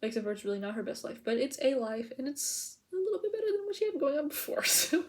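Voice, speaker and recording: A woman with a high, sing-song voice talks fast in a casual POV vlog to the camera. Giggly and rambling, she info-dumps while filling her speech with "like" and "okay?"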